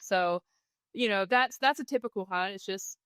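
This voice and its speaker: Woman, podcast guest, animated storyteller, smooth voice, dry recording. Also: mid-range voice, normal speed, no room sound. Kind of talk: casual storytelling interview.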